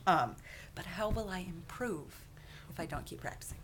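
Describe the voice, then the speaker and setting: A woman vlogger chatting casually and self-deprecatingly about reading fiction aloud. Her voice sits somewhat low, and faint room ambience hangs behind her. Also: animated, normal speed, fairly bright tone, a little hiss or hum. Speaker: vlogger and podfic reader. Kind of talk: casual chat.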